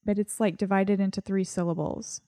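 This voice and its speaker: A woman co-hosting a podcast in casual banter, playful but quick to defend herself when teased. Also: mid-range voice, steady tone, dark tone, dry recording, studio quality. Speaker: podcast co-host.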